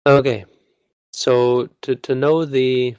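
A man's voice: mid-range voice, level tone, slow, a little mellow, smooth, no echo. A man teaching a language lesson in a casual, joking way, stopping to correct himself as he goes. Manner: informal, self-correcting, joking.

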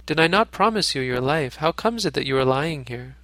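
A man's voice: a little high, expressive, brisk, a bit bright, dry recording. A man voicing a kindly human king in a storybook reading, in an earnest, declaring manner. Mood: concerned.

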